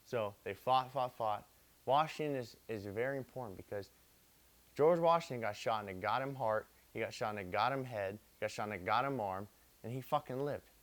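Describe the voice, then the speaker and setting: A man's voice: mid-range voice, brisk. Sweary young man rambling through history. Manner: profane, repetitive, street slang. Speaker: drunk storyteller. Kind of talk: rambling drunken history retelling.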